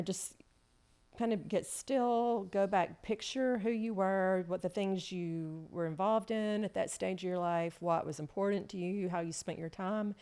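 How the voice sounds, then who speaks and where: A woman who teaches yoga, talking calmly and gently posing reflective questions in conversation. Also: on the low side, smooth. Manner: calm and guiding, poses questions gently.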